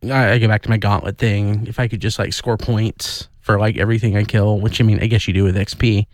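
A man's voice: on the low side, level tone, a little fast, no echo, clean studio sound. A man talking in a casual podcast chat, hesitant, with many fillers.

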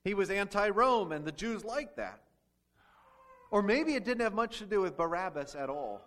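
A man's voice: sits high, lively intonation, moderate pace, a bit bright. A man preaching a sermon as pastor, asking the congregation rhetorical questions and acting out quoted speech.

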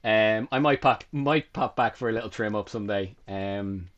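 A man's voice: lowish voice, normal speed, lo-fi sound. A young man in his twenties, a podcast guest chatting casually and acting out the quotes in his stories. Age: 20s. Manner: lively storyteller, acts out quotes. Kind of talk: casual chat.

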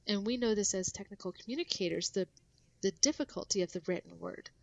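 A woman's voice: medium pitch, a little fast, gravelly, no room sound. A woman guest on a podcast, explaining things casually with lots of fillers and restarts.

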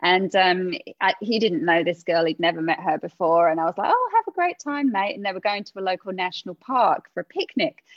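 A woman's voice: fairly low pitch, fairly quick, hardly any pauses, no room sound. A woman from England in her forties, telling rambling stories full of fillers in casual chat. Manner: rambling storytelling with many fillers. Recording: dry dull lo-fi sound.

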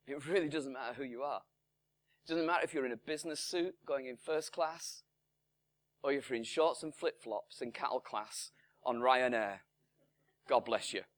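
A middle-aged man preaching a sermon in a conversational way, acting out little dialogues and dropping to hushed tones. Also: mid-range voice, moderate pace, long pauses. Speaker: pastor.

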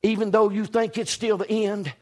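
Preacher man, high voice, folksy, goes from whisper to hollering. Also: level tone, normal speed. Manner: folksy, emphatic, swings from hushed to shouting. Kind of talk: storytelling sermon.

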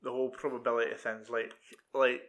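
Bright-voiced Scottish man, halting and sweary. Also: mid-range voice, little pitch movement. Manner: casual, sweary, halting with many fillers. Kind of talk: casual film chat.

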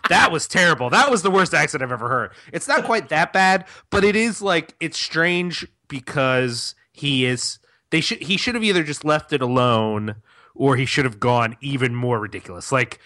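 A man's voice: on the high side, animated, normal speed, pushed and bright. A man on a casual movie podcast, hesitant, restarting and thinking aloud. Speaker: podcast co-host. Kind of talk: casual chat.

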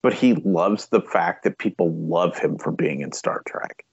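A man's voice: sits low, a little slow, gravelly, slightly rough, no room sound, dull audio. A man co-hosting a podcast, talking bluntly and swearing freely in a casual movie chat. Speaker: podcast co-host.

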